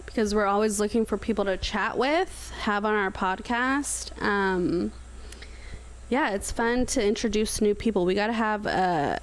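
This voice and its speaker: A woman with a Southern accent co-hosting a casual podcast, playful and quick to echo her partner. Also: mid-range voice. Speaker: podcast co-host. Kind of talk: casual chat.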